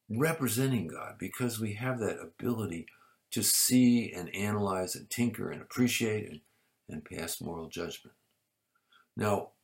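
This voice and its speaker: A man preaching a sermon in a measured way, rising to emphatic peaks and dropping to soft asides. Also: lowish voice, creaky. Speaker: pastor.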